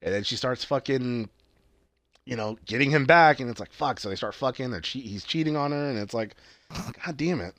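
A man in casual chat, retelling a TV episode in a rambling, profane way and jumping up in pitch to quote the characters. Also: fairly quick, fairly bright tone, no echo.

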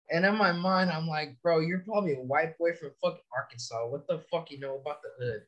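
A man's voice: a little high, fast talker, few pauses, a bit bright. Profane young man telling rowdy stories. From California. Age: young adult. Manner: profane, rambling storytelling. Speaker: soldier podcast guest. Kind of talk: casual chat.

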